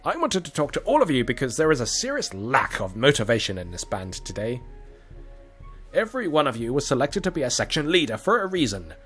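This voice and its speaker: A man's voice: medium pitch, huge pitch swings, brisk, a bit bright, faint music behind. A man voicing a stern adult male band director who lectures his student leaders in a firm tone.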